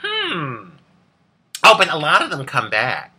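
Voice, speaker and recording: Sassy american lady telling stories to camera, super animated voice, cracks herself up. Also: deep voice, slow, husky. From United States. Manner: sassy, candid, laughs often. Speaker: vlogger. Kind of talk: casual storytelling to camera.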